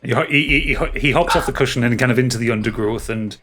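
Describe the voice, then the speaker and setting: A man's voice: medium pitch, sharp tone. Man as game master, mid voice, stammering narration. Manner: stammering, quick restarts.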